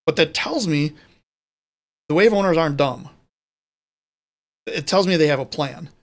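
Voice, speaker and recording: A man's voice: on the high side, a little slow. Chatty man, rambling sports talk. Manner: rambling, self-correcting, chatty. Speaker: podcast co-host. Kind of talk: casual sports chat.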